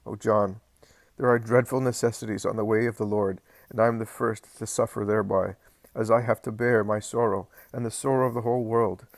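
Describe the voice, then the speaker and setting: A man voicing a calm, tender male spiritual master with slow, solemn speech in a read-aloud story. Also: on the low side, vocal fry, dry recording.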